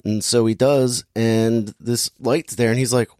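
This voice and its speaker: A man casually recapping a movie plot with sarcasm, briefly acting out the characters' lines in quick impressions. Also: mid-range voice, little pitch movement, darkish tone, clear, resonant tone, no room sound, clean studio sound. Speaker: podcast host recapping a movie. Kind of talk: casual chat.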